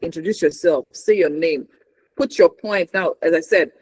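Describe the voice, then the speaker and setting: A man's voice: fairly high pitch, normal speed, darkish tone, slightly rough, dry recording, low-quality recording. A man with a Nigerian accent teaching a communication workshop, emphatic and checking in with the audience often. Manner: emphatic, checks in with frequent "right?". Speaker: communication trainer.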